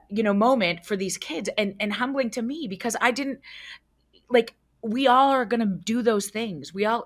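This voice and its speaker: A woman who works as a child psychologist, speaking as a podcast guest and telling stories with frank, expressive energy, swearing freely and acting out scenes. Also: medium pitch. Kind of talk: animated podcast storytelling.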